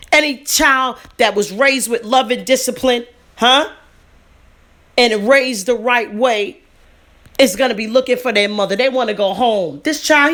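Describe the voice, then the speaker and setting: A woman in her thirties or forties, a vlogger telling a personal story in a heated, casual monologue. She is indignant and animated, with fillers and slang. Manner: indignant, animated, swings up in pitch for emphasis.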